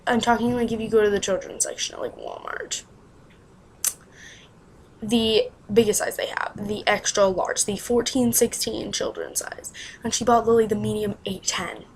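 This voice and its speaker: A woman's voice: mid-range voice, sing-song, moderate pace, vocal fry, slight background noise, rough recording. Young woman vlogging her life story, rambly, says like constantly, kinda exasperated. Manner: rambling, heavy use of "like", exasperated asides. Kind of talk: casual storytelling to camera.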